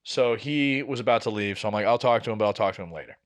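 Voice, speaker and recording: A young man in his twenties telling a long story on a casual podcast, profane and animated, acting out what people said. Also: on the low side, fast. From New England. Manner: animated, profane, acts out quotes. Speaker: podcast co-host.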